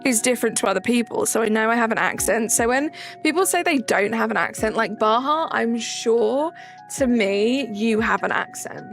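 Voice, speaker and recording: Woman, young adult, live streamer, chatty, raspy low fry. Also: lively intonation, moderate pace, fairly bright tone, soft background music. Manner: chatty, reads and answers chat messages aloud. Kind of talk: casual live-stream chat.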